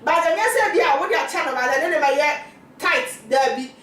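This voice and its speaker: A woman's voice: high voice, normal speed, a bit bright, recorded from a distance, slight background noise. A woman talking casually in a rambling way, repeating words and laughing now and then. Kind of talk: casual conversation. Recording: very echoey room, voice from off-mic.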